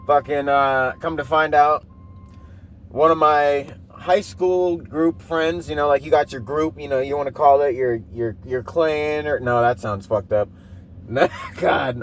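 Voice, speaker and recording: A man's voice: mid-range voice, slight background noise. A man in his thirties hosting a podcast, telling a rambling, profane personal story and often breaking into laughter. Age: 30s. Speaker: podcast host. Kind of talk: casual monologue.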